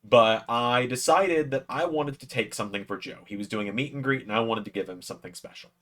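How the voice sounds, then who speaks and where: A man chatting casually to camera, telling a personal story in an excitable way with plenty of fillers. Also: medium pitch, a little fast. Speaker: YouTube creator.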